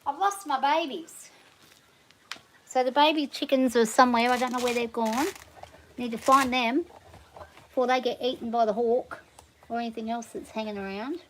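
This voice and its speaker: A woman's voice: fairly high pitch, moderate pace, pauses often, a bit bright, a little hiss or hum, poor audio. A woman with an Australian accent chatting casually while doing chores outdoors on her hobby farm. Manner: chatty, rambling, easygoing. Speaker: hobby farmer.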